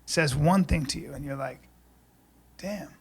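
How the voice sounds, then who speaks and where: Raspy high-voiced male podcast host. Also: fairly quick. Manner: animated, rambling, swears casually. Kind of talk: casual conversation.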